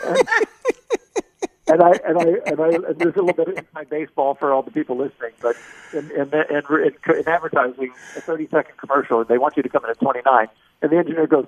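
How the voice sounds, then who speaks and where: A man's voice: medium pitch, fast talker, dry recording. Middle-aged man from Kansas City, rambling anecdote, many restarts, tinny phone audio, dry. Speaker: voice actor guest. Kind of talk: casual storytelling on a phone call.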